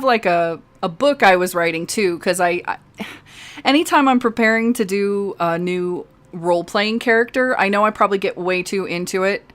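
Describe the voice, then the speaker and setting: Woman gamer yapping on a stream, rambles, laughs a lot, mid-pitched voice. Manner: chatty, rambling, laughs often. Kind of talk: casual chat over gameplay.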